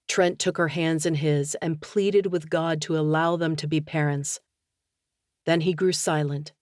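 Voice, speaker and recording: A woman narrating a novel audiobook in a steady, measured reading. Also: sits low, no echo, clean studio sound. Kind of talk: scripted narration.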